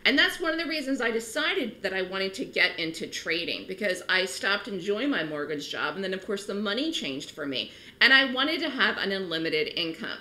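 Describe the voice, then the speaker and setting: A middle-aged woman, a trading educator, giving a direct-to-camera market talk in an emphatic, animated way. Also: moderate pace, few pauses, poor audio. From New York City. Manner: animated, emphatic, rising pitch on key points.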